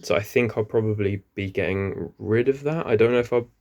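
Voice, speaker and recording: Male gardener, low-pitched, chatty and hesitant, casual greenhouse walk-through. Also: brisk, darkish tone, muffled recording. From England. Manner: rambling, many ums, self-correcting. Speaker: gardening vlogger. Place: small greenhouse.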